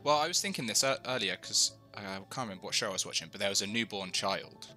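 A young man with a lowish voice and a very bright, sharp tone banters with friends over a headset. His pitch swings up and down as he teases and laughs. Faint game music sits behind him. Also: quick pace. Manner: teasing, laughs a lot, animated. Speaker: gamer. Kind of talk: casual game chat with friends.

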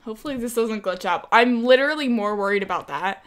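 A woman's voice: on the high side, fast talker. A young woman giving casual, chatty commentary over her gameplay, often exasperated and talking back to the game's characters. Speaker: gaming creator.

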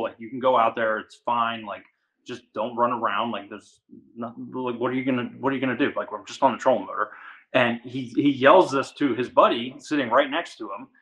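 A man from the Washington DC area, a guest angler, telling a story in casual chat, animated and full of "like". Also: mid-range voice, poor audio. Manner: animated, fast, says "like" a lot.

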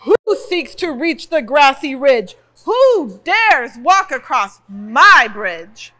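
Storybook troll, greedy and gleeful, lowish lively voice, a woman doing it. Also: slow pace, exaggerated voice. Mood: bellowing. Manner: gleeful, rhyming, relishing food. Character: hungry greedy male troll.

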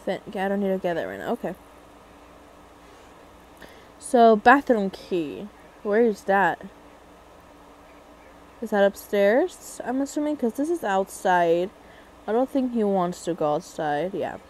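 Slow-talking young woman playing a horror game. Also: medium pitch, sing-song, darkish tone, slight background noise, rough recording. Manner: thinking aloud, jumpy and frightened during chases. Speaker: gaming video creator.

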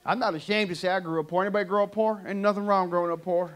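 A man from California performing an animated stand-up comedy set for a church audience. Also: high voice, very fast. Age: adult. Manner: animated storytelling punchlines. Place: church sanctuary, live audience.

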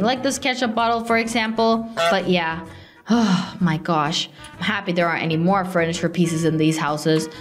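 Excitable woman narrating her gameplay. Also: fairly low pitch. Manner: excitable, exclaims often, talks to other players. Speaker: gaming channel host. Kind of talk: playful gameplay commentary. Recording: light background music.

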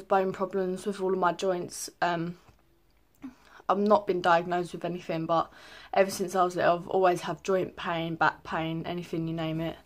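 A young woman talks casually to camera. She rambles and fills gaps with ums. Her pitch sits in an ordinary middle range. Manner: chatty, lots of ums, rambling. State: a little out of breath. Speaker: vlogger. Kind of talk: casual pregnancy update.

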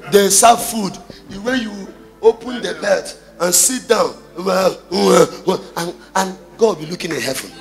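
A man with a Nigerian accent preaching a sermon, full of rhetorical questions and sudden shouted bursts. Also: high-pitched, unhurried, vocal fry, soft background music. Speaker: pastor.

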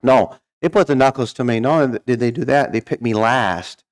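A man's voice: medium pitch, brisk. A middle-aged man telling his life story as a guest speaker, folksy and humorous, acting out the voices of people he quotes. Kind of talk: storytelling testimony.

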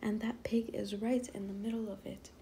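A woman's voice: medium pitch, little pitch movement, moderate pace, warm tone, slight background noise, close to an everyday voice. Grumbling storybook sister Eugenia, read by a woman. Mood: disapproving.

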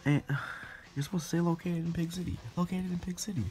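A man's voice: a little high, steady tone, brisk. A young man recording fan voice-acting bloopers, stumbling over lines and muttering self-corrections. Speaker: fan voice actor.

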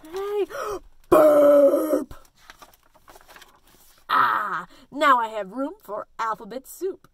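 A woman reading a picture book aloud and voicing a boastful, hungry garbage truck that talks in bold, drawn-out lines. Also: sits high, lively intonation, vocal fry, fairly bright tone, full character voice. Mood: boastful, gleeful.

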